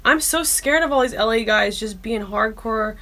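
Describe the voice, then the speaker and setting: A woman hosting her own podcast in casual chat, loud and profane, often bursting into yelling. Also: on the high side, moderate pace. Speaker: podcast host.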